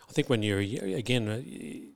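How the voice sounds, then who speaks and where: A man's voice: mid-range voice, big pitch swings, a little fast, gravelly. A middle-aged Australian man, a school principal, talking thoughtfully in an interview with many restarts and repeated words. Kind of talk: reflective interview talk.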